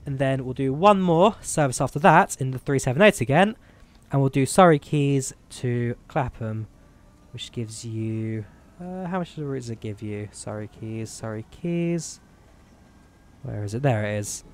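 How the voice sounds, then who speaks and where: A man's voice: mid-range voice, lively intonation, moderate pace. Chatty man with a Midlands-tinged accent. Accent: Midlands English mixed with Eastern European. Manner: chatty, rambling, self-deprecating. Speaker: streamer. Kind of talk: casual gameplay commentary.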